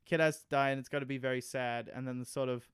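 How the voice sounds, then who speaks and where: A man's voice: medium pitch, steady tone, quick pace, clear, resonant tone, no room sound, clean studio sound. A man co-hosting a podcast in casual, rambling chat, joking and swearing, hot and sweaty. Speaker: podcast co-host.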